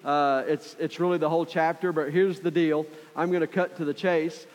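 Male pastor, conversational sermon, slightly high voice, church with long reverb. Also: steady tone, normal speed.

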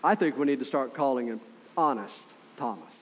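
A middle-aged male pastor preaching a sermon in a conversational, earnest way, often checking in with listeners with quick asides. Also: mid-range voice, lively intonation, fairly bright tone.

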